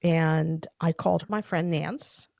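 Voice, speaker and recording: Woman guest, heartfelt personal testimony; heavy vocal fry, dry close sound. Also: low voice, steady tone, slow pace, darkish tone, dry recording. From Soviet Union. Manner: earnest, heartfelt storytelling. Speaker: podcast guest.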